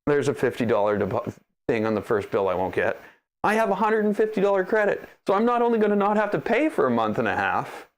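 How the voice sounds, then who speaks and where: A man hosting a maker livestream, chatting casually and telling stories with an animated, ranting manner. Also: a little high, fast.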